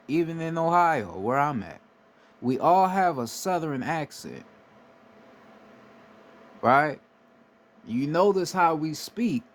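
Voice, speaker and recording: A man from the United States giving a casual, emphatic monologue, swearing freely and often asking "right?" to drive his points home. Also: fairly high pitch. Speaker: spiritual commentator.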